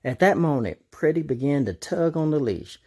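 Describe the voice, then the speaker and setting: A man narrating a children's storybook aloud in an animated, expressive way. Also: a little high, normal speed.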